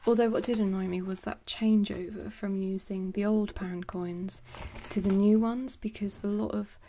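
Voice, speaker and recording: A woman chatting in a soft, rambling way for ASMR, moving between quiet speech and whispers and making jokes. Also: mid-range voice, steady tone, moderate pace, slight background noise. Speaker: ASMR creator.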